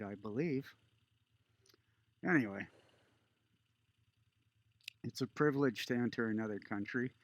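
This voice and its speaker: Slow-talking man telling a story. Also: medium pitch, no echo, lo-fi sound. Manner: relaxed, conversational, with filler pauses. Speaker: vlogger. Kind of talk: casual storytelling.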